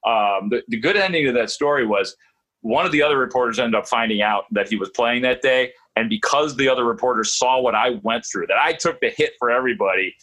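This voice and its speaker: A middle-aged man chats on a sports radio show as a reporter and guest. His voice is bright and forward but slightly husky. He tells his stories with lively energy and plays out the voices he quotes. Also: mid-range voice, fairly quick, low-quality recording. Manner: animated storyteller, acts out quotes. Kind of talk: casual chat, storytelling.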